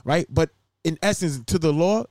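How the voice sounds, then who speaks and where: A man co-hosting a podcast in casual chat, animated and profane, often acting out what other people would say. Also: fairly high pitch, moderate pace, no echo, clean studio sound. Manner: animated, profane, acts out quotes in other voices. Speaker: podcast co-host.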